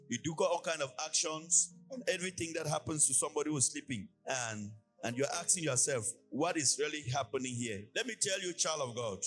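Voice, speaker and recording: A man from Cameroon preaching a sermon in a church, with a sing-song preaching cadence and lively illustrative asides. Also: fairly high pitch. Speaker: pastor.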